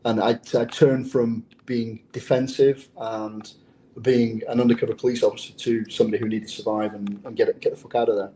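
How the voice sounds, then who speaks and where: A man's voice: medium pitch, level tone, fairly quick, mellow, slight background noise, low-quality recording. An English man who is a former undercover police officer, telling a story in an interview in a blunt, profane way. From England.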